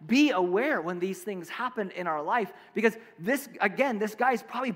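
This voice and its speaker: A man preaching a sermon in a relaxed, conversational way, full of fillers and restarts. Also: high voice, in a large hall. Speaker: pastor.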